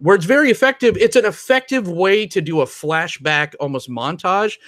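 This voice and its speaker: Chatting casually about movies on a podcast he co-hosts, a man wanders through his points with many ums and restarts. He has a high voice, a bit bright, at a moderate pace, recorded dry.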